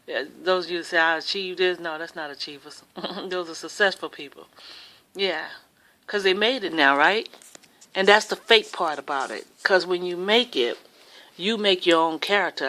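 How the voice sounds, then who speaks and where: A woman's voice: on the low side, pushed and bright, rough recording. A woman vlogger giving a rambling, impassioned opinion monologue in a casual way. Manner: rambling, impassioned social commentary.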